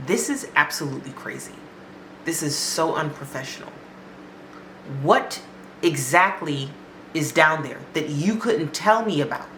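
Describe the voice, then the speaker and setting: A woman's voice: low-pitched, lively intonation, measured pace, a bit bright, echoey room, slight background noise. Woman doing a rattled male nurse. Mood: indignant. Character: panicking male nurse, trying to stay calm.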